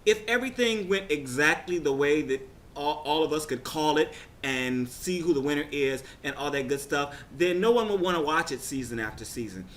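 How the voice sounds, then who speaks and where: A man casually recapping a TV results show, chatty and excitable, rambling with frequent restarts. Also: fairly high pitch, moderate pace, hardly any pauses, a little hiss or hum.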